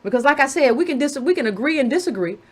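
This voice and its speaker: A woman's voice: high voice, animated, fast. A woman giving a sarcastic political commentary monologue, full of rhetorical questions and mocking asides.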